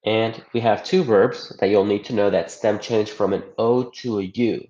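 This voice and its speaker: Low-voiced guy teaching slowly over slides, lo-fi echoey recording. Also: mellow. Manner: patient, explains step by step, often checks with "right?". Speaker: Spanish teacher. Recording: echoey room, dull lo-fi sound.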